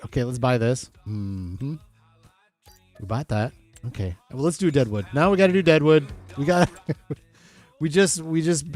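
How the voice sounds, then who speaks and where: A man's voice: a little high, a little mellow. A man casually commentating his farming game on a live stream, reading chat and rambling through asides. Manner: chatty, reads chat aloud, rambling asides.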